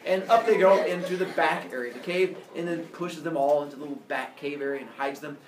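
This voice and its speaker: A man's voice: fairly high pitch, quick pace. A man retelling a myth in a casual, jokey way, full of sound effects, recorded in a roomy space from a distant mic with faint noise. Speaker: storyteller.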